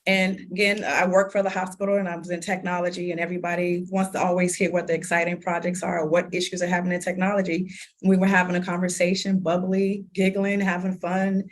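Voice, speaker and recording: Animated woman telling her story. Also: on the low side, quick pace. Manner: animated, laughs often, acts out quoted dialogue. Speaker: interview guest. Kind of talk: conversational interview storytelling.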